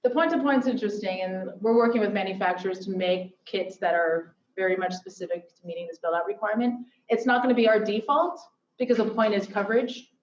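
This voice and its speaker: A woman's voice: medium pitch, steady tone, a little fast, slight background noise. A woman giving an upbeat conference presentation with joking asides. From Silicon Valley. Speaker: workshop presenter. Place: lecture hall. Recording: echoey hall from far off, dull.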